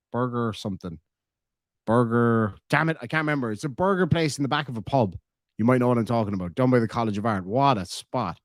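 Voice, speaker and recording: A man's voice: mid-range voice, no echo. Rambling Irish man, dry close sound. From Ireland. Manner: rambling storyteller, swears freely. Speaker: streamer reading chat. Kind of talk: casual chat.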